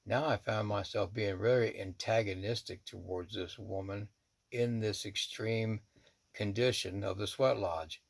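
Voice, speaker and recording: A man, a shaman, telling a personal story in a blunt, profane, animated way. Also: on the low side, measured pace, vocal fry.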